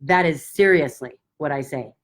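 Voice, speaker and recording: Low-voiced, enthusiastic woman mentor. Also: moderate pace. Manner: enthusiastic, acts out excited gasps and quotes. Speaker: business mentor. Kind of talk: casual coaching talk.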